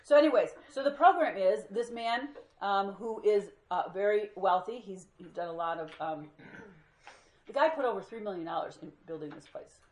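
A woman leads a group Bible study as a lively storyteller who slips into the voices of the people she quotes. Her voice sits at an ordinary pitch, and the room around her echoes. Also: normal speed.

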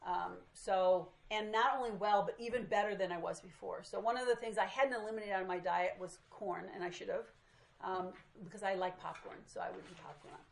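This woman teaches a small Bible study group in a meeting room, her mid-range voice steady in tone, brisk, and touched with vocal fry. She tells chatty, self-deprecating stories in a relaxed style, and the recording is rough.

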